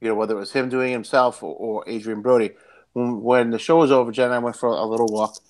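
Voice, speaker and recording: A man's voice: mid-range voice, fairly even intonation, quick pace. A man with a New York accent co-hosting a podcast, agreeing readily and telling stories with many fillers. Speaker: podcast co-host. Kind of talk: casual chat.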